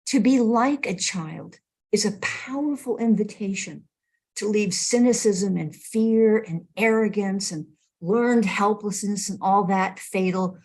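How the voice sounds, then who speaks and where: Woman minister, sermon delivery; slow and husky, expressive storyteller. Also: mid-range voice.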